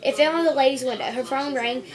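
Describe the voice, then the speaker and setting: A woman reading out a string of jokes for a home video, stumbling over words, restarting and clearing her throat. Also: high-pitched, fast. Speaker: joke-telling video maker.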